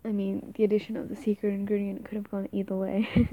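A woman's voice: mid-range voice, level tone, fairly quick, narrow, tinny audio, a little hiss or hum, natural voice. A woman playing a giggly, affectionate young girlfriend. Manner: giggly, teasing, stumbling over words. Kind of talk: audio role-play.

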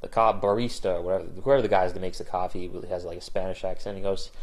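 A man's voice: low voice, fairly even intonation, quick pace. A man casually retelling a film scene from memory, rambling with lots of fillers and restarts. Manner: rambling, full of "like" and restarts, trails off quietly.

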